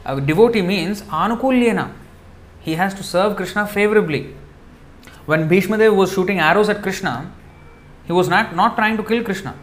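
A man giving a devotional lecture in a loose, conversational way, full of fillers, acting out quoted lines in a softer voice. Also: high voice. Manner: conversational, many fillers, acts out quoted dialogue softly. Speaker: preacher.

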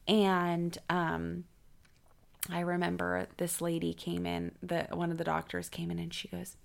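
Low, creaky-voiced young woman. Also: a little slow. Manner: animated storyteller, acts out quoted people. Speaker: podcast co-host. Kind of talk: casual chat.

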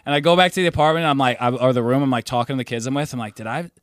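A man's voice: mid-range voice, very fast, no echo. A young man in his twenties co-hosting a casual podcast, telling rowdy party stories with loose swearing and laughter. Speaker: podcast co-host. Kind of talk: casual chat.

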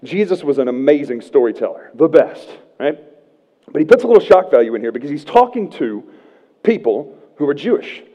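A man in his thirties preaching a sermon in a relaxed, joking style, often checking in with "right?". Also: on the high side, brisk. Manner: conversational and humorous, often asking "right?". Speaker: pastor. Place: church sanctuary. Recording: dull church livestream with long reverb.

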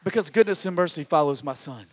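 A man with a high voice preaches a sermon in a church, his words ringing with the long reverb of a large hall. He swings between loud, animated exclamations and quiet, intimate asides, stumbling over restarts as he presses his point. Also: fast talker. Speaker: pastor.

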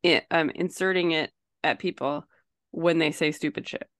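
A woman's voice: low voice, fairly even intonation, normal speed, a bit bright, no room sound, clean studio sound. A woman co-hosting a podcast as a social worker and mom, chatting casually and rambling with self-deprecating asides. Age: young to middle-aged mom. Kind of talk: casual chat.

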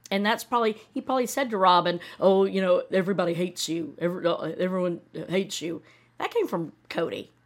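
Sarcastic, opinionated woman podcast host. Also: fairly low pitch. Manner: opinionated, sarcastic, swears freely; animated, often acts out mocking voices. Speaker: podcast host reacting to a TV show. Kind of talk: casual reaction commentary.

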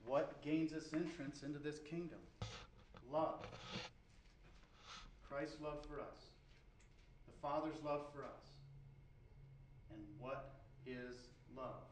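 A middle-aged man preaching a sermon, telling a story in an animated way and laughing often. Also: fairly high pitch, slow, long pauses, far from the mic. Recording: echoey room, off-mic, faint noise.

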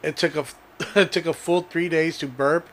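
Higher-voiced man reading news with laughs. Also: steady tone, moderate pace, a bit bright. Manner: laughs while reading, playful. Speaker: podcast co-host. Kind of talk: casual podcast chat, reading news stories aloud.

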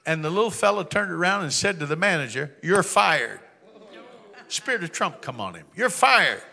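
A man preaches in a storytelling sermon, joking in a folksy way and then slowing and rising for loud proclamations. His voice is bright and gravelly and leaps around in pitch. It rings out with the long reverb of a big hall. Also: animated. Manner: folksy, humorous, builds to emphatic proclamations.

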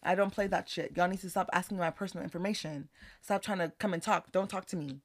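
A young woman from Houston with a Houston accent, co-hosting a podcast and telling stories in a lively, swearing, casual way. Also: fairly low pitch, quick pace, dry recording. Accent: Houston, Texas. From Houston, Texas. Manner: animated, swears freely, mimics people in her stories. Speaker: podcast co-host. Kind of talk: casual storytelling chat.

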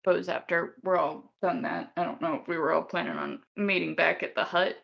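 A woman's voice: lowish voice, fairly even intonation, a little fast, gravelly, highs cut off. A woman playing a tabletop game, hesitantly narrating what her character does. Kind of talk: casual game-table chat.

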